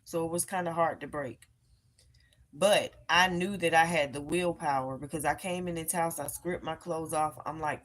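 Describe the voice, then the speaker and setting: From her home, a live-streaming tarot reader with a deep, low voice talks at a moderate pace. Her storytelling is emphatic and animated, and she calls her audience y'all.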